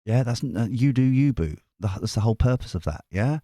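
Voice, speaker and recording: A man's voice: mid-range voice, lively intonation, fairly quick, dark tone, no room sound, studio quality. A man, a tarot reader, chatting casually to his viewers in a rambling, playful way. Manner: rambling, self-interrupting, playful.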